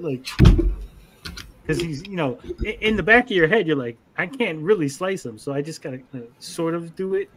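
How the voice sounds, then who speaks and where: Animated man riffing on an anime. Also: on the high side, brisk, a little hiss or hum. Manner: animated, acts out character quotes in funny voices. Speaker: podcast co-host. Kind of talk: casual anime review chat.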